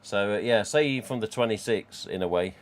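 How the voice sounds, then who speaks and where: A man's voice: lowish voice, normal speed. A man, casually chatting and rambling on a live stream from home. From England. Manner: rambling, chatty, reads out chat.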